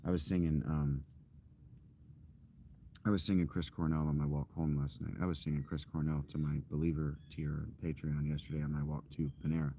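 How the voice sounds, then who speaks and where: A man in his thirties chatting casually with his stream while walking outdoors, rambling with fillers and self-corrections in a loud, projecting voice. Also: extremely low pitch, little pitch movement, a little fast, slight background noise. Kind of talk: casual live-stream chat. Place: outdoors, walking through a parking lot.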